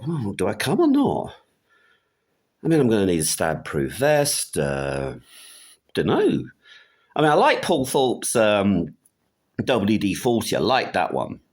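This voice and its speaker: A middle-aged man rants his way through a casual political vlog. His pitch swings widely as his tone turns mocking, and he often laughs at his own jokes. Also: sing-song, unhurried, husky. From United Kingdom. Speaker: political vlogger. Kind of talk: casual ranting monologue.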